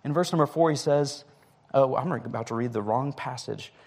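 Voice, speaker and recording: A man's voice: medium pitch, moderate pace, creaky, a little mellow, husky. A man preaching a conversational sermon, speaking casually with frequent fillers and restarts.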